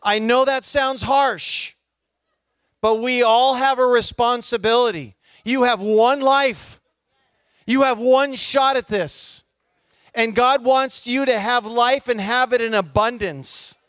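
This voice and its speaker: Middle-aged male preacher, very high voice, dry close sound, chatty storyteller. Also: takes it slowly, smooth, no room sound. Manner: conversational and animated, acts out the people in his stories. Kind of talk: sermon with personal storytelling.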